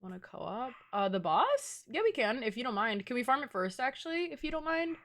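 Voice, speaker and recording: A woman's voice: a little high, big pitch swings, fairly quick, fairly bright tone. Chatty playful young woman streamer. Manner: chatty and playful, teasing her chat, frequent "like". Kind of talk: casual live-stream chat.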